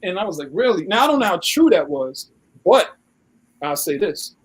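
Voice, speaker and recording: A man's voice: sits high, very animated, moderate pace, breathy edge, rough recording. A man co-hosting a live online talk show in casual chat, telling long stories and acting out what others said in a raised voice. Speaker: co-host.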